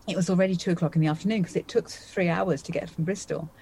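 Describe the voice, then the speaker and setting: A woman's voice: fairly low pitch, steady tone, fast, dark tone, slight background noise, poor audio. A woman in her fifties, a magician guest on a podcast, telling a personal story vividly and acting out her own thoughts as she goes. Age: 50s. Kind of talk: animated storytelling in a conversation.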